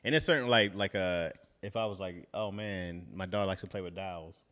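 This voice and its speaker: A man with a Michigan accent talks in a relaxed, rambling way on a podcast. His voice sits low. He keeps checking in with "you know what I mean" as he goes. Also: brisk. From Midwest, United States. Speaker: podcast co-host. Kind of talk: casual chat.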